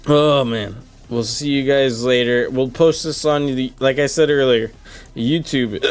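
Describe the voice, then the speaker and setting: A drunk man hosting a casual stream sign-off, rambling, swearing and breaking into high laughter, hiccuping now and then. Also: unhurried, smooth, faint music behind. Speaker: streamer and host.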